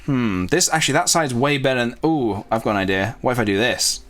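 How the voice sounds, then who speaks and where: A man's voice: mid-range voice, animated, fairly quick, fairly bright tone. Guy muttering to himself while he draws, easygoing, kinda rambly, ish. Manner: rambling, self-talking, playful asides. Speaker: youtuber drawing on stream. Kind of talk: casual drawing commentary.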